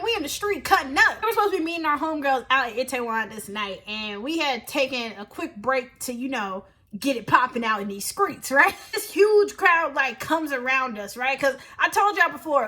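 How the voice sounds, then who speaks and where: A young woman in her twenties, telling an animated story to camera in a slangy, emphatic way and often laughing. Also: sits high. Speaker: vlogger.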